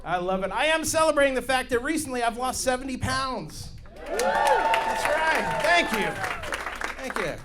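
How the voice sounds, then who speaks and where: High-voiced, animated comedy host. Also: male voice, a little slow, very noisy. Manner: rowdy, hyped crowd work. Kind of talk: stand-up comedy. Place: comedy club stage with live audience.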